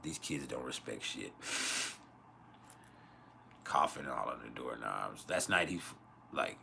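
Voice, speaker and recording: A man's voice: rumbling low, animated, measured pace, creaky, sharp tone, slight background noise. A man hosting an astrology livestream Q&A from home, talking in loose, profane, rambling rants with laughs. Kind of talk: casual livestream chat and Q&A.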